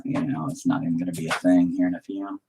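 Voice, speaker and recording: A man's voice: sits low, little pitch movement, quick pace, creaky, background noise. A man livestreaming while he paints, chatting with viewers in a rambling, profane, self-mocking way. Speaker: livestreaming painter reading chat. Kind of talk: casual rambling stream chat.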